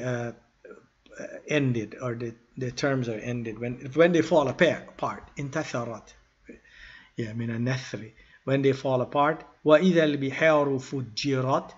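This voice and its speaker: A man gives an informal Arabic grammar lesson, reading verses quickly before explaining them slowly, pausing and correcting himself. His medium-pitched voice is slightly rough, and the recording sounds muffled.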